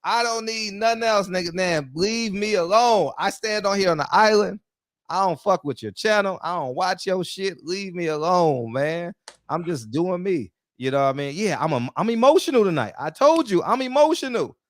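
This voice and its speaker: A man's voice: high voice, expressive, moderate pace, no echo, clean studio sound. A man hosting a live call-in show, talking brash, profane and amped up in casual chat.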